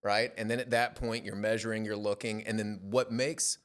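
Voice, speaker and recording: A man, a podcast guest, telling fishing stories in a casual interview with an animated, playful manner. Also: fairly low pitch, moderate pace, clean tone. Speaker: podcast guest, yacht club commodore.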